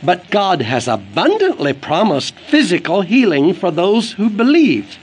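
Man, evangelist preacher, husky voice, fairly high pitch, lively rising and falling delivery. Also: unhurried, highs cut off. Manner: earnest, emphatic preaching that quotes scripture. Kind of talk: recorded sermon read for an audio book.

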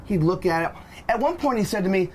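Fast-talking man telling an exasperated story. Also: sits high, a little hiss or hum. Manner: animated, exasperated retelling with quoted dialogue. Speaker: podcast co-host. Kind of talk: casual storytelling.

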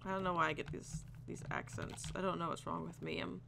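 A woman with a fairly low, steady voice and vocal fry talks a little fast while casually commenting on her game. Giggly, she addresses the animals and does silly voices over background noise.

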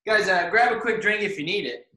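An out-of-breath man runs a live online fitness class, calling out moves and encouraging people by name. His voice is fairly high and bright, and his delivery is unhurried. He sounds distant from the mic in a strongly echoing room. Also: expressive. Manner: upbeat, cheering on participants by name while exercising. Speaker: fitness instructor. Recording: very echoey room, far from the mic.

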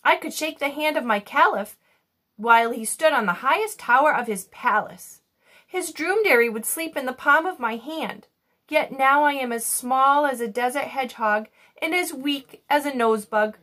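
A woman's voice: sits high, lively intonation, moderate pace, a bit bright. Karim, a woman voicing a weepy little genie. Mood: dramatic lament. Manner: grandiose, sobbing laments. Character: small weepy male blue genie, theatrical.

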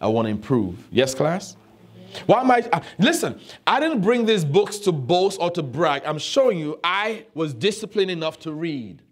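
A man's voice: a little high, sing-song, normal speed, few pauses. A man, a pastor who is not a native English speaker, preaching a sermon with emphatic repeated phrases, often asking his listeners whether they are listening.

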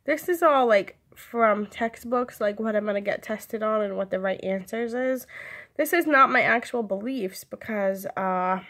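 Giggly, creaky-voiced young woman vlogging. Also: medium pitch, measured pace, fairly bright tone. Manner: rambling, giggly, lots of "like" and "um". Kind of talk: casual chat.

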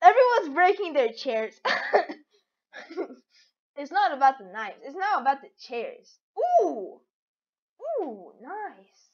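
A woman giving casual game commentary as a channel host, excitable and giggly, teasing the other players. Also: sits high, takes it slowly. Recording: dull lo-fi audio.

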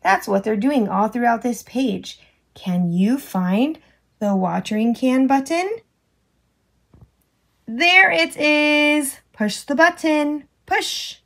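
A woman teacher with a high, gravelly, fairly bright voice reads a farm picture book aloud for children's storytime. Slow and sing-song, she makes animal and machine sound effects, asks the child to find things on the page and prompts button pushes.

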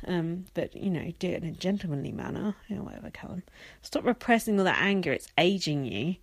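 Her lowish voice is expressive and a bit fast as this young podcast host delivers a profane recap rant of a reality show. She mocks it with sarcastic asides, and the recording has no room sound.

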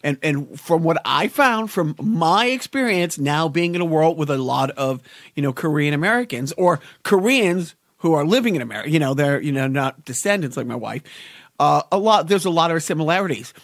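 Middle-aged male co-host, slightly higher voice, dry sound, rambling stories. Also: lively intonation, normal speed, fairly bright tone, no echo. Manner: rambling storyteller, stammers and repeats. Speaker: podcast co-host. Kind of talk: casual chat.

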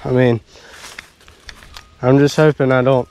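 A man's voice: medium pitch, flat delivery, a little slow, a little mellow, clean tone. A man casually chatting while riding his mountain bike on wooded trails, talking into an action camera outdoors. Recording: noisy outdoor action-cam audio.

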